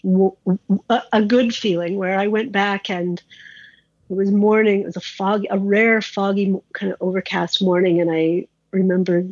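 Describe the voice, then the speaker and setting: A woman with a husky, slightly breathy voice tells a personal story in an interview, casual and candid, often restarting and dropping in "like." The recording is dry and a bit dull, as if the highs were rolled off. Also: steady tone, moderate pace, darkish tone, dry recording. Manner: candid, conversational, frequent "like" and restarts.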